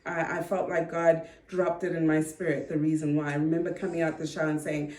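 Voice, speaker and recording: A mother from Zimbabwe whose first language is Ndebele shares a personal faith testimony in a low voice with little pitch movement. She is earnest and reflective and quick to laugh softly, and the recording sounds roomy and distant.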